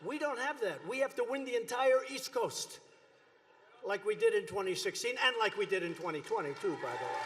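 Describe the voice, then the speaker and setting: Boastful older man with a high voice. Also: fairly bright tone. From United States. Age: 70s. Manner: boastful, mocking, digressive. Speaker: political speaker at a rally. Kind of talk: rambling rally speech. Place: large rally venue before a crowd. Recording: long reverb of a big rally hall.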